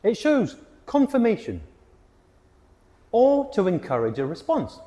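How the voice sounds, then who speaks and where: A man teaching an English grammar lesson, with a clear and emphatic delivery. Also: high voice, wildly swooping pitch, measured pace, mellow, long reverb tail. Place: hot location.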